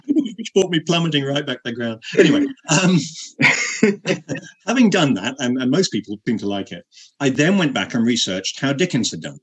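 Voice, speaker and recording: A man, an actor being interviewed, telling a self-mocking anecdote in halting speech with many repeated words and frequent laughter. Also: mid-range voice, sing-song, slight background noise.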